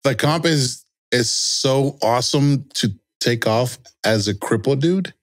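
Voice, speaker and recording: A man hosting a casual podcast chat, chiming in with quick remarks. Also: mid-range voice, dry recording, studio quality. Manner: quick short interjections. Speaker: podcast host.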